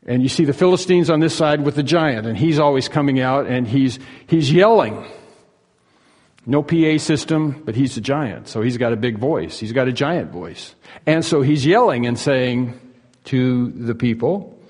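A man's voice: medium pitch, unhurried, darkish tone. Pastor guy telling a bible story, joking around, lots of ums, echoey church. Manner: folksy storytelling with humor and many fillers. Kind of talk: sermon.

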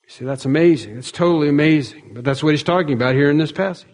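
A man preaching a sermon in an earnest, measured way, quoting speakers in small acted-out voices. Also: on the high side, darkish tone. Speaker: pastor. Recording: long reverb of a large hall.

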